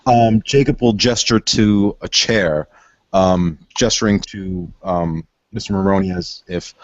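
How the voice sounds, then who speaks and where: A man playing in a tabletop game, describing his character's actions haltingly. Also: sits low, steady tone, dry recording, highs cut off. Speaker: player.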